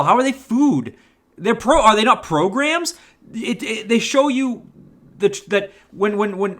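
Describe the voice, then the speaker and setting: A man with a bright, fairly high voice rants through a film review. He sounds exasperated, swears freely and keeps tripping over restarts and repeated words as he rambles. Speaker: movie reviewer.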